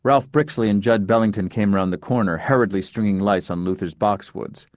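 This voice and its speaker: A man narrates a story in a measured, understated audiobook reading. His voice sits low. The recording is dry and close, with no room sound. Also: a little mellow, no echo.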